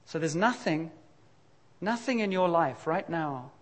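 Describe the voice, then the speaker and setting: A man's voice: a little high, animated, measured pace. A middle-aged man preaching a sermon in a candid, confessional, conversational way, with sudden emphatic bursts. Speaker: pastor.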